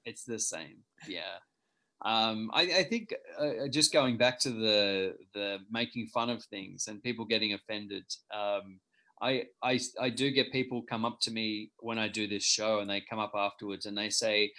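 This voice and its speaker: A man from Australia, a stand-up comedian whose accent has softened from living in Britain, talking in a relaxed interview with frequent restarts and ums. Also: fairly low pitch. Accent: Australian, softened by years in Britain. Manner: halting, many restarts and ums. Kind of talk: casual interview.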